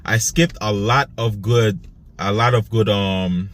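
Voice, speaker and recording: A young vlogger and food delivery driver from Saint Croix in the US Virgin Islands speaks slowly in a lowish voice with fairly even intonation. Talking casually to his audience on a self-filmed vlog in an Antiguan accent, he rambles, goes over the same things again, and laughs between thoughts.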